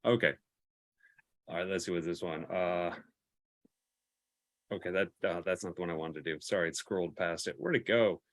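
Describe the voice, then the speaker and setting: A man's voice: low voice, fairly even intonation, normal speed, pauses often. A man cohosting a casual live stream, reading pickup lines with a lot of hesitation and laughter. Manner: laid-back, hesitant, laughs often.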